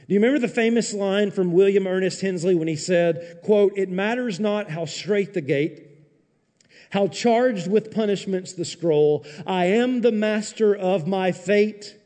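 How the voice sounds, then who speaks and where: A man preaching a sermon as a pastor, animated and sarcastic, acting out mock quotes in raised voices. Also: high voice, big-room sound. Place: church.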